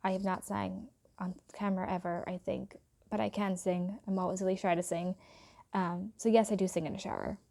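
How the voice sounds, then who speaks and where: A woman's voice: mid-range voice, flat delivery, a little fast, vocal fry, warm tone. A young woman, born in India and raised in England and the US, talks in a chatty, playful way with joking asides. She speaks with an American accent that shows slight British traces, in a casual get-to-know-me vlog. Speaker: YouTuber.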